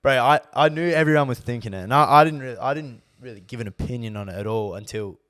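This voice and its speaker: Rambling young Australian podcast host. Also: male voice, mid-range voice, fast, fairly bright tone, dry recording, studio quality. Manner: rambling, full of "like" and "bro". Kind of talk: casual chat.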